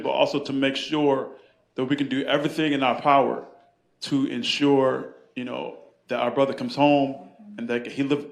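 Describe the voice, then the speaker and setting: Male event moderator with a rousing, preacherly delivery, medium pitch, echoey bookstore room. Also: creaky. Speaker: panel moderator. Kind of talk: event moderation with call-and-response.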